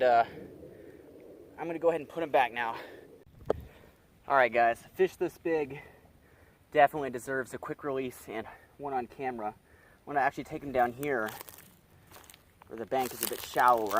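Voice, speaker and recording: A young man filming a fishing vlog outdoors by a creek, talking straight to his viewers with excitable energy. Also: mid-range voice, slight background noise. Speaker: wildlife vlogger.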